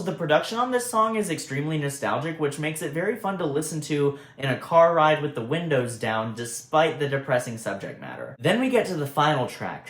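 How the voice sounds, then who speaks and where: A man's voice: mid-range voice, reverberant. Earnest young man reviewing an album. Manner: earnest, emotional, chatty with fillers. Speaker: music reviewer.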